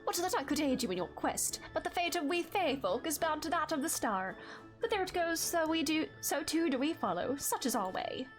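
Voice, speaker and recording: A woman's voice: sits high, big pitch swings, a little fast, soft background music, pitched above the performer's own voice. A woman voicing a haughty, teasing fey sovereign in a game, with theatrical, affectionate scolding. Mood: wistful.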